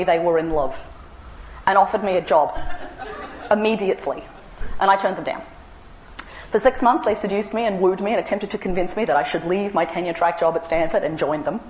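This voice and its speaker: A woman's voice: medium pitch, echoey room, a little hiss or hum, rough recording. An Australian woman in her forties gives a humorous talk, telling wry anecdotes with self-mocking asides. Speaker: speaker giving a talk. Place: large room with an audience.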